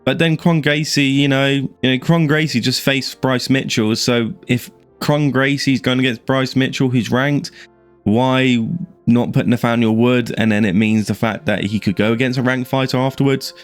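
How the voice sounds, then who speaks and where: A man's voice: medium pitch, fairly even intonation, moderate pace, soft background music. An Irishman giving casual, rambling fight predictions on his YouTube channel, with plenty of fillers and restarts. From Ireland. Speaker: MMA YouTuber.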